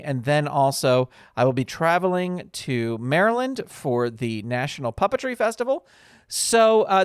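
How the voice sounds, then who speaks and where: A man's voice: fairly high pitch, smooth, no echo, clean studio sound. A man hosting his own podcast in a casual, rambling solo chat full of ums and uhs. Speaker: podcast host.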